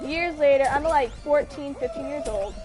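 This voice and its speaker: A woman's voice: high-pitched, normal speed, music in the background. A young adult woman streamer telling a personal story in a casual, rambling way, often stopping and restarting her sentences. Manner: rambling, self-interrupting, earnest.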